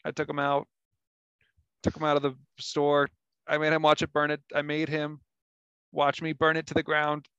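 A man voicing a smug, cruel male alien warlord in a nerdy, nasal voice with flat, deadpan boasting. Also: on the high side, normal speed, long pauses, clean tone, no room sound, muffled recording. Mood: taunting.

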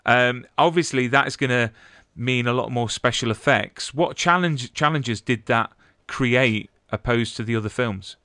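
Male interviewer, eager, sharp bright tone, dead-dry recording. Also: medium pitch, a little slow, dry recording. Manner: enthusiastic, stumbles over words. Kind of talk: casual interview.

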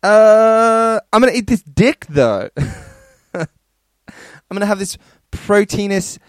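A man voicing a shrill, cheeky young lover who sarcastically brushes off a mom in a high squealing falsetto. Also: animated, takes it slowly, no room sound, clean studio sound. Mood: sarcastic. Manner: crude, sarcastic.

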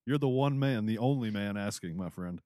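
A man's voice: fairly low pitch, brisk, mellow, dry recording, studio quality. A man co-hosting a boxing podcast, joking, laughing and swearing in casual banter. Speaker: podcast co-host.

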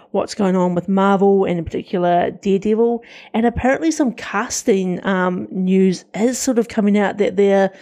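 A woman co-hosting a casual podcast, talking with eager enthusiasm and frequent restarts. Her voice is warm and mellow rather than bright. She sits at a medium pitch. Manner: enthusiastic, chatty, many restarts. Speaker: podcast co-host. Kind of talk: casual pop-culture chat.

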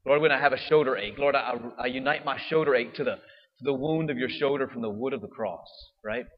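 A man's voice: mid-range voice, a little fast. A man preaching a sermon in a church, in a conversational way, often checking in with "right?". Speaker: priest. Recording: dull echoey church recording.

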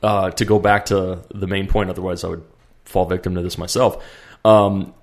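A man with a very low voice rambles through a casual podcast chat. He circles back on himself, stacks up fillers and restarts, and talks through his points at an easy pace. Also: level tone, moderate pace. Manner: rambling, many fillers and restarts, acts out quotes. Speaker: podcast co-host.

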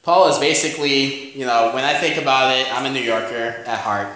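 A man with a New York accent preaches a sermon in a relaxed, conversational way. His voice sits at a middle pitch, and he often checks in with "amen?" The sound rings heavily in a very echoey church hall. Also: fairly quick. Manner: conversational, with frequent "you know" and "amen?". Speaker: pastor.

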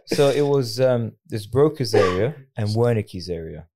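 A man's voice: mid-range voice, lively intonation, a little slow, heavy background noise. A young man co-hosting a reaction video, chatting casually and laughing as he explains things with lots of restarts.

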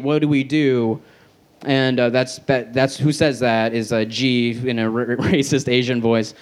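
A man reading his own crude fan fiction aloud on an outdoor festival stage, deadpan with self-aware asides. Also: mid-range voice, a little hiss or hum. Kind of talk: live stand-up reading.

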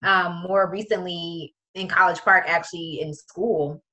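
Telling a personal story as a guest, a young woman from the Prince George's County, Maryland area talks casually, leaning on fillers and quoting other people's voices. Her voice is on the low side, bright and forceful, with fairly even intonation and a measured pace. The recording quality is rough.

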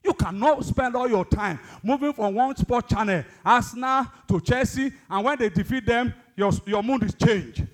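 A man preaching a sermon, exhorting the congregation, swinging between loud high bursts and low asides. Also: normal speed, few pauses. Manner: exhorting, calls the congregation to respond. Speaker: pastor.

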